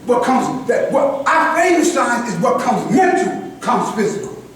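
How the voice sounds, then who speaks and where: Older man, high-pitched, preachy group address, distant mic in a very echoey room. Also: big pitch swings, unhurried, a bit bright. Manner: preachy, repeats "God" as address, restarts often. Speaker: speaker at a community gathering.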